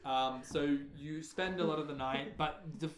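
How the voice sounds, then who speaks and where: A man's voice: a little high, normal speed, reverberant, slight background noise. Young Australian man narrating a tabletop game. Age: young adult. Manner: animated, narrating with sound effects and character voices. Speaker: game master.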